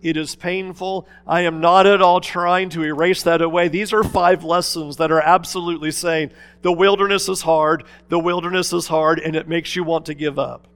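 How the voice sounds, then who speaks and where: High, gravelly man preaching with passion. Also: fairly even intonation, normal speed. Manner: impassioned preaching, swinging between loud urging and hushed asides. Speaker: pastor. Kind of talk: sermon.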